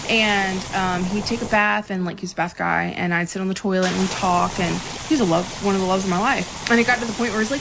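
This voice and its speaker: A woman's voice: medium pitch, fairly even intonation, brisk, hardly any pauses, background noise. A woman in her thirties earnestly telling her own story of heartbreak, her voice rising as she relives moments. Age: 30s. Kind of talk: emotional personal storytelling.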